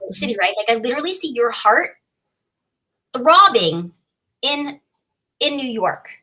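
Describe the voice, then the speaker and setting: A woman's voice: a little high, big pitch swings, a little slow, rough recording. A woman giving a live psychic reading, chatty and playful. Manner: chatty, playful, warm reassurance. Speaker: psychic reader.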